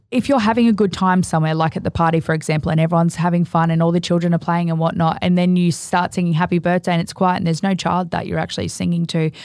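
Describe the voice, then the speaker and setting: A woman, a podcast guest, talking candidly in casual conversation with animated storytelling. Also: on the low side, no room sound.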